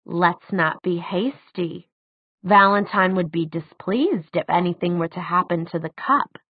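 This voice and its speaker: A woman voicing a sly old woman fortune teller who talks slowly and softly, with a wheedling manner. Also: fairly low pitch, slightly rough, no room sound. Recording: tinny phone-like dry sound.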